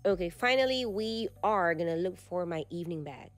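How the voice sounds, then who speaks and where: A woman's voice: on the low side, expressive, fairly quick, soft background music. A woman vlogger giving casual shop-along narration inside a retail store, chatting about the items as she browses. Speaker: vlogger host.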